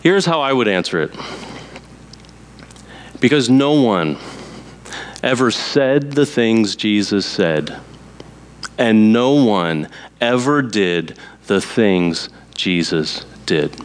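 A man who is a pastor, preaching a sermon in a slow, deliberate way with emphatic pauses. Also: fairly low pitch, expressive, clean tone.

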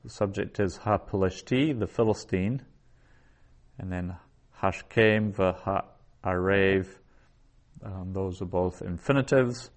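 A man lecturing to a class, with a lowish voice. He talks slowly and deliberately, saying each word and repeating it before he explains it. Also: darkish tone. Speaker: Biblical Hebrew teacher.

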